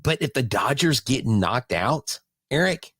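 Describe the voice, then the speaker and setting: A man co-hosting a sports podcast in casual chat, animated and chuckling as he talks. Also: mid-range voice, measured pace, no echo. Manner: animated, chuckles mid-sentence. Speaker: podcast co-host.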